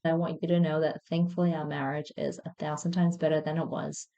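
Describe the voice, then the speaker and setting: A woman's voice: low-pitched, flat delivery, fairly quick, gravelly, muffled recording. A woman in her thirties, host of a podcast, candidly telling a personal story in a reflective monologue. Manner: candid, reflective, with soft self-mocking laughs.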